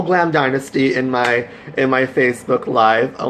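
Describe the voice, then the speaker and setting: A man's voice: mid-range voice, normal speed, few pauses, a bit bright, slight background noise. A man hosting a casual live stream, chatty and effusive, greeting viewers by name and cheering them on. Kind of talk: casual Facebook Live chat.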